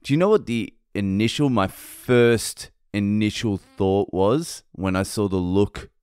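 A man rants on his own podcast, cursing and exasperated, his voice sitting low and unhurried. The sound is dry and close, with no room around it. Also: a little mellow, clean tone, no room sound. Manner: profane, exasperated ranting. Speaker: comedian and podcast host. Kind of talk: solo comedic podcast monologue.

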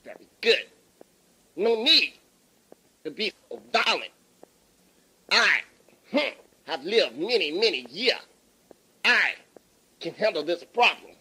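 A man voicing a calm old male restaurant elder who speaks slowly and hums between his measured phrases. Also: sits high, husky, full character voice, low-quality recording. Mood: soothing.

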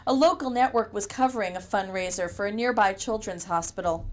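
A woman's voice: mid-range voice, brisk. Wry woman narrating an audiobook. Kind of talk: first-person audiobook narration.

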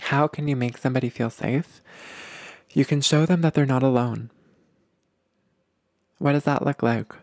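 A man's voice: mid-range voice, fairly even intonation, moderate pace, long pauses, darkish tone, dry recording, clean studio sound. A man hosting a podcast, explaining ideas to his listeners in an earnest, casual way, repeating himself and calling them "guys". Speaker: podcast host. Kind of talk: casual advice podcast talk.

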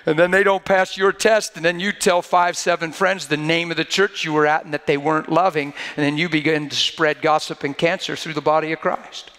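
A man's voice: high voice, fairly bright tone, big-room sound. A man preaching a sermon in a conversational way that builds to fervent emphasis, now and then acting out mocking quoted voices.

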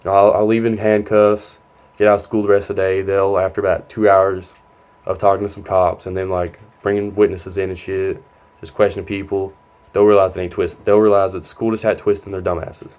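A man's voice: low voice, level tone, fairly quick, a little mellow, lo-fi sound. A young man telling a long, rambling, profane story from his school days, quoting others as he goes. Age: young adult. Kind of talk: casual storytime vlog.

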